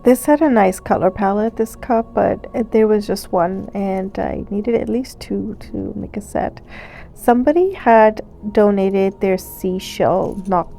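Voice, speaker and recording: Stuffy-nosed woman, gravelly chatty voice-over. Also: mid-range voice, unhurried, faint music behind. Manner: chatty, relaxed, with fillers and small laughs. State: stuffy nose. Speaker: thrift vlogger. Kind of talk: casual voice-over narration. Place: recorded voice-over.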